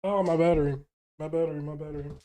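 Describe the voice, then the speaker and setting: Excitable high-voiced man reacting. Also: racing. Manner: excitable, laughs often, slangy with "bro" and "yo". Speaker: manga reaction host. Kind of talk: casual reaction while reading a comic chapter aloud.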